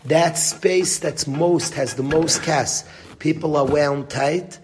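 A man's voice: fairly high pitch, slow, noisy background. A man giving a Torah lecture to a group, speaking earnestly and mixing Hebrew and Yiddish words into his English. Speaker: rabbi teaching a Torah class.

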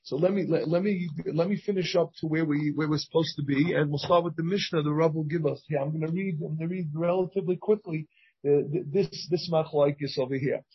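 A rabbi teaching a Talmud class, reading passages and explaining them phrase by phrase with frequent restarts. His voice sits high and sounds husky. The recording is dull and lo-fi. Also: fairly even intonation, fairly quick. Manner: reads Hebrew and Aramaic text and translates it, with many restarts.

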